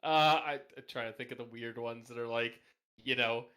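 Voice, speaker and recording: A man's voice: mid-range voice, steady tone, normal speed, sharp tone. A Canadian man with a Canadian accent, in a casual online podcast chat on a voice call, laughing and swearing freely. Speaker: podcast participant.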